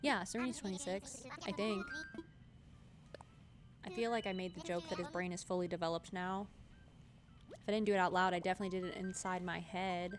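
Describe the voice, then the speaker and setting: A woman's voice: lowish voice, fairly even intonation, a little fast, pauses often. Playful woman streamer chatting. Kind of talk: casual gameplay livestream chat. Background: game music.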